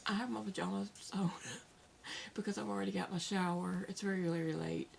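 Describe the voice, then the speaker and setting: A woman with a Southern American accent talking casually to her viewers at home, candid and soft-spoken with pauses and fillers, emotional after crying. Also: medium pitch, steady tone, gravelly, a little hiss or hum. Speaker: vlogger. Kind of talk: casual vlog talk to camera. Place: at home, indoors.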